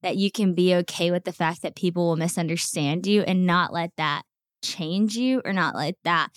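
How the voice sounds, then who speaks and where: A young woman chatting as a podcast guest, telling stories in an animated, dramatic way. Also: on the low side, normal speed, dry recording, clean studio sound. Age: young adult. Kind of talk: casual interview conversation.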